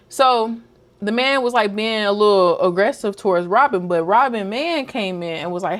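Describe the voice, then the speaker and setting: A woman's voice: mid-range voice, normal speed. A young woman vlogger chatting casually, retelling a book's plot and acting out the characters' lines. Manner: animated storytelling, acts out characters' lines. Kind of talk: casual chat recapping a book.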